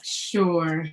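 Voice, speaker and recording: A young woman from Providence, an acting student, chatting quietly and hesitantly on a video call from her bedroom. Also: mid-range voice, slight background noise. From Providence, Rhode Island. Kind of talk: casual video-call chat. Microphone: laptop on a video call.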